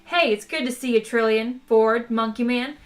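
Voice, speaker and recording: A boastful, swaggering male adventurer, as a woman reading aloud puts him on. He talks loudly and cockily, and the voice rides high. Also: steady tone, normal speed, lightly acted. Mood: brash. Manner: loud, cocky, shouting.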